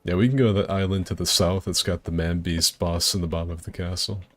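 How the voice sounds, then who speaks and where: A man's voice: sits low, steady tone, fast, fairly bright tone. A man streaming a co-op game with friends, rambling in a laid-back way, swearing freely and laughing often. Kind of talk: casual gaming chat.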